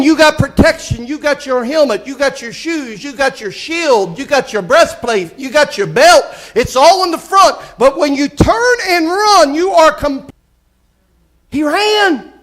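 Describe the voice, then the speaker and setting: Man, pastor, very high-pitched, live sermon, impassioned, shouting bursts. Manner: impassioned preaching, bursts into shouts, folksy asides. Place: church sanctuary.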